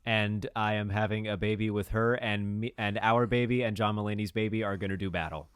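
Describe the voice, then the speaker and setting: A man's voice: fairly low pitch, steady tone, brisk, clean tone, no echo, studio quality. A young man co-hosting a podcast, chatting in a rambling, jokey way with lots of fillers and restarts. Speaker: podcast co-host. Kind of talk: casual chat.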